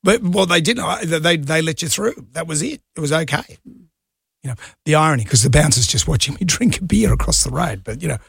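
Gravelly Australian radio host. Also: male voice, on the high side, lively intonation, brisk, fairly bright tone, no room sound, studio quality. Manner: rambling anecdotes, laughs easily. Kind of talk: casual on-air banter. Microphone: studio mic.

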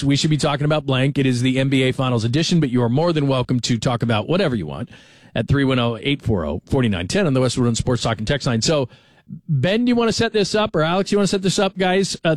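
A middle-aged man hosting late-night sports talk radio, lively and chatty as he moves from topic to topic. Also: a little high, dry recording, studio quality. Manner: lively, chatty, fast-moving delivery. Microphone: studio microphone.

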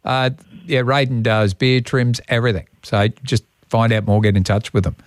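A man's voice: mid-range voice, steady tone, moderate pace, dry recording, studio quality. A man hosting breakfast radio in casual chat, laughing easily and restarting his sentences.

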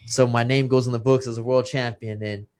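Man, middle-aged, earnest, emotional storyteller, mid-pitched voice, acts out quoted lines. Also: little pitch movement, fairly quick, darkish tone. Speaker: retired professional boxer, guest. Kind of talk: personal storytelling in conversation.

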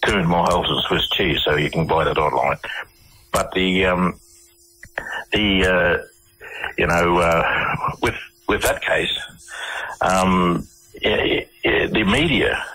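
Husky low-voiced Australian man. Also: sharp tone, rough recording. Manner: halting, many restarts and fillers. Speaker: radio guest. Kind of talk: casual interview storytelling.

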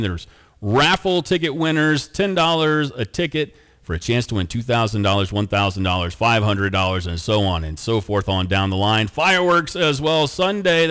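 A man's voice: medium pitch, fairly bright tone, clean tone. A man hosting a radio talk show, reading out listener texts and community event announcements in an easygoing way. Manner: easygoing, laid-back reader of community notices.

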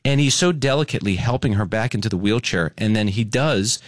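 A man hosting a radio show, telling a story in an expressive, animated way from a studio microphone. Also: fairly low pitch, fairly quick, dry recording.

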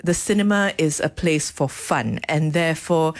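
A woman co-host, ranting emphatically in lively radio talk, laughing now and then. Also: low voice, normal speed, few pauses.

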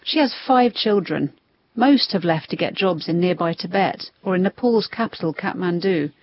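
A woman's voice: lowish voice, expressive, normal speed, slightly rough, dull audio. A woman reporter narrating a documentary on location, descriptive and awed, slightly out of breath. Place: outdoors in a mountain village.

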